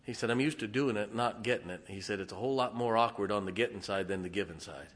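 A male pastor preaching a sermon in a folksy way, dropping to hushed tones and then rising to loud exclamations. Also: lowish voice, fast. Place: church sanctuary. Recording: long hall reverb.

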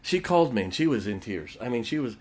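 A man's voice: medium pitch, fast talker, breathy edge. A man preaching a sermon, telling stories and acting out the voices of the people in them. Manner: animated storytelling, acts out quoted voices. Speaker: pastor.

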